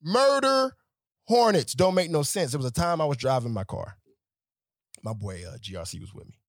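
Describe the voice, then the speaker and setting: Animated, exasperated man ranting. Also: mid-range voice, brisk, dry recording, studio quality. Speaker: nightlife promoter. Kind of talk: comedic rant.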